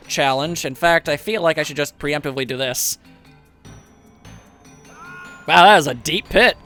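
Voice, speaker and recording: A man with a slightly high, somewhat bright voice commentates casually on a video game while playing, a let's play style. He's chatty and wry, tossing in self-mocking asides.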